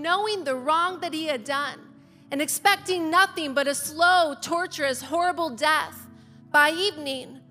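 A woman preaching a sermon and reading scripture aloud, with a measured, emphatic delivery. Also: high voice, bright, forceful tone, in a large hall.

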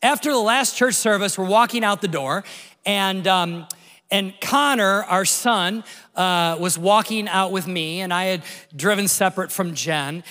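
Bright-voiced pastor preaching in a reverberant hall. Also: male voice, sits high, measured pace. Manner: animated storytelling, acting out the scene. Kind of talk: conversational sermon with personal story. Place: large church hall.

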